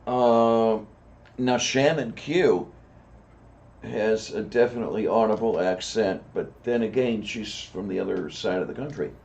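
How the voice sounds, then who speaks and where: A man co-hosting a casual chat, relaxed and rambling, with dry asides. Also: lowish voice, unhurried, vocal fry. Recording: dull lo-fi sound with faint noise.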